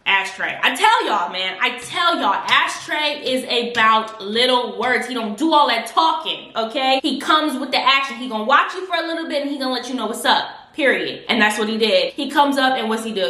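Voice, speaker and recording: A woman's voice: fairly high pitch, bright, forceful tone, roomy sound. A woman vlogger recapping a TV episode in casual, slangy chat, acting out the characters' lines as she goes. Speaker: TV review vlogger.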